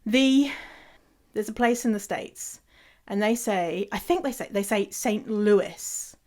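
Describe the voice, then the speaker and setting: A chatty middle-aged woman from England talks casually on her solo podcast. Her English accent is softened by Canadian sounds, and she laughs often and spells words out letter by letter. Her pitch sits in an ordinary middle range. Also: measured pace. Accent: English, mixed with Canadian. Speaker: podcast host.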